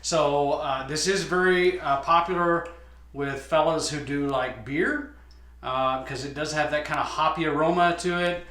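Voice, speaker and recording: A winemaker explaining his wines in a casual tasting chat, often pausing with "uh". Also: on the high side, sharp tone. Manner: explanatory, many "uh" fillers. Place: winery. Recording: echoey room.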